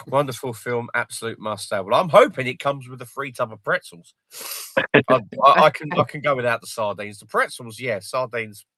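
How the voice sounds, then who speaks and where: Male host, mid-pitched, sweary and jokey, dry close sound. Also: moderate pace, no echo. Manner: sweary, jokey, retells film scenes excitedly. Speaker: livestream host. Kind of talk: casual livestream chat.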